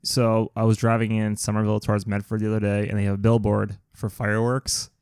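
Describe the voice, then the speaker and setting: A man's voice: lowish voice, monotone, fast, darkish tone, clear, resonant tone, dry recording. A man co-hosting a casual podcast, throwing in dry wisecracks. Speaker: podcast co-host.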